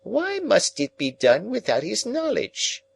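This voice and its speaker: A man's voice: high-pitched, huge pitch swings, unhurried, gravelly, breathy edge, pitched above the performer's own voice, exaggerated voice. A man voicing a stern, eccentric old rich woman who presses with insistent questions. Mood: probing.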